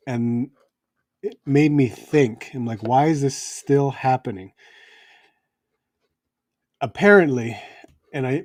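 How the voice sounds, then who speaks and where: A man's voice: medium pitch, darkish tone, dry recording, studio quality. A man, a homeowner in his thirties hosting a toy live stream, ranting in a rambling, exasperated way, with restarts and fillers. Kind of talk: casual live stream rant. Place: home.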